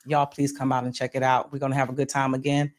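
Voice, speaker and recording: A woman's voice: very deep voice, little pitch movement, fast, darkish tone. A woman from Pennsylvania hosting a casual podcast chat, talking to her audience in a folksy way and calling them y'all. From Pennsylvania, USA. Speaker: podcast host.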